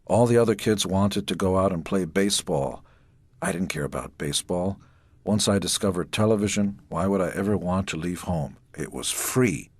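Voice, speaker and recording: Deep-voiced man narrating his memoir. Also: moderate pace, breathy edge, no echo. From Israel. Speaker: author reading his own memoir.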